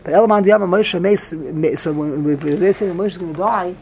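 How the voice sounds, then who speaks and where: A man's voice: high-pitched, brisk, creaky, darkish tone, slight background noise. A man teaching a Talmud class, repeating himself animatedly and mixing English with Hebrew and Yiddish terms.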